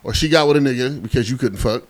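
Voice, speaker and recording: A man hosting a loose podcast with his friends. He talks fast and jokes loudly as he tells his stories. His voice sits at an ordinary middle pitch. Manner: fast, loud, joking storyteller. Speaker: podcast host. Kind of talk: casual group banter.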